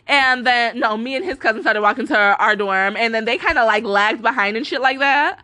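A woman's voice: fairly high pitch, moderate pace, pushed and bright. A young woman ranting casually through a profane storytime, full of fillers and curse words. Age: young adult. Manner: casual, heavy cursing, lots of fillers like "like" and "bro". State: up all night, tired. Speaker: vlogger.

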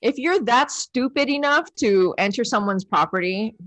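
A woman's voice: a little high, lively intonation, normal speed, fairly bright tone, dry recording. A woman co-hosting a podcast in casual chat who keeps checking in with "you know what I mean". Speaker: co-host.

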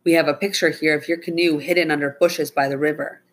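A woman's voice: deep voice, steady tone, quick pace. A woman voicing a stern male park ranger who questions suspects in a read-aloud story.

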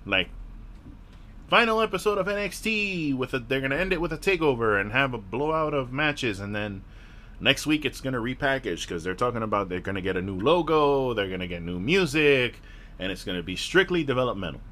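A man's voice: medium pitch, expressive, fairly quick, sharp tone. A man hosting a podcast, ranting in a frustrated, profane, rambling way with a sore throat. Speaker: podcast host.

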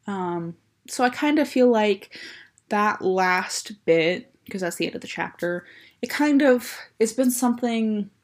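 A woman's voice: mid-range voice, expressive, measured pace. A woman casually commenting on and reading aloud her teenage fan fiction, rambling, frank and self-mocking. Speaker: video host reviewing her own teenage fan fiction.

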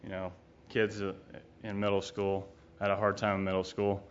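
Man, middle-aged, low voice, monotone, blunt profane recovery talk, dull lo-fi recording. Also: moderate pace, a little hiss or hum. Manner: blunt and profane, rambling with many fillers. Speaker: speaker at a recovery retreat. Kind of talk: candid personal recovery talk.

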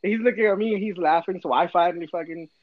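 A man in his thirties telling a story in casual chat, swearing a lot and talking with animated energy. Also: high-pitched, very fast, no echo, lo-fi sound. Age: 30s.

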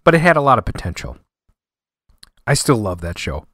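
Male podcast co-host, lively rambling delivery, dry close sound. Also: fairly low pitch, moderate pace, no echo. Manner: animated, rambling, laughs often. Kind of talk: casual chat.

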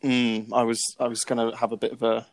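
A man's voice: mid-range voice, completely flat delivery, fairly quick, no room sound. A man co-hosting a casual podcast, rambling and joking with friends. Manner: jokey, rambling, laughs often. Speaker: podcast co-host. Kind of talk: casual chat.

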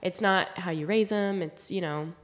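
A woman hosts a loose conversation and tells animated stories. She swears freely. A long reverb trails after her voice. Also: fairly low pitch, normal speed. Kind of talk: casual chat.

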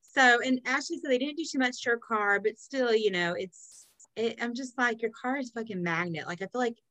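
A woman's voice: fairly high pitch, normal speed, sharp tone, no echo, low-quality recording. Chatty swearing middle-aged woman from Texas. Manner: chatty, swears freely, frequent ums and laughs. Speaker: podcast co-host. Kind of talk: casual chat.

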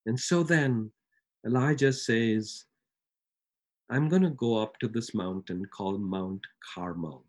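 A man preaching a sermon, retelling scripture with lively swings between loud emphasis and hushed lines. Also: lowish voice, takes it slowly.

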